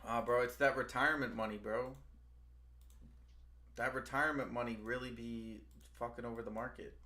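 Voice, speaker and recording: A young adult man hosts a casual stream chat in a mid-range voice, speaking at normal speed with a flat delivery and sharp tone. He rambles, calls people bro, and restarts frequently.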